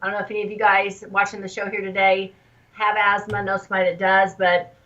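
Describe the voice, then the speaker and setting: A woman calling in as a guest trader, speaking in a measured, thoughtful way with frequent ums. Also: mid-range voice, level tone, bright, forceful tone. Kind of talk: phone-in interview. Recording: dull distant phone call.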